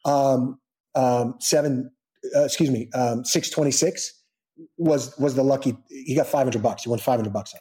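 A man's voice: medium pitch, normal speed, dark tone. A man guest in an interview telling a long personal story in a casual way, with many restarts and quoted dialogue he acts out. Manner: rambling, with frequent restarts and acted-out quotes.

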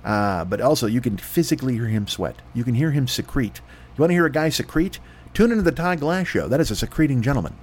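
Riffing man with a lively voice. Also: mid-range voice, fast talker, breathy edge. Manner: riffing, profane, mock announcer voices. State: dry throat. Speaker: podcast host. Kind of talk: comedic rambling ad read.

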